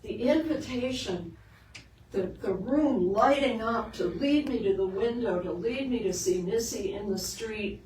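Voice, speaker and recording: Slow, roomy woman minister preaching. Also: medium pitch. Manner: lively storytelling, shifts into soft earnest emphasis. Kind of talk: storytelling sermon. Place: sanctuary of a spiritual center. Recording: roomy, distant, with background noise.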